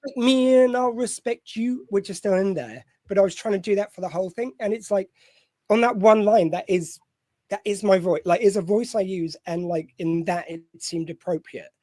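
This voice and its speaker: A man's voice: high-pitched, a little fast, a little mellow, no echo. A man with a slightly posh voice who hosts a show. He chats casually and rambles, with many fillers and restarts. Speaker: host. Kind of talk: casual chat.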